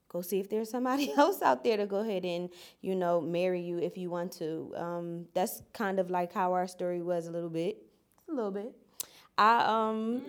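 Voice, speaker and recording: A woman sharing a personal story in a small group, reflective, in short phrases with fillers. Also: mid-range voice. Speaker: group participant. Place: small indoor group setting.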